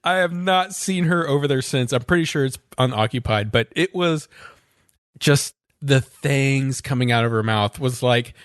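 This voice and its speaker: A man's voice: mid-range voice, moderate pace, smooth, no room sound, clean studio sound. A man co-hosting a podcast, telling a long story in casual chat, rambling and restarting often. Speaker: podcast co-host.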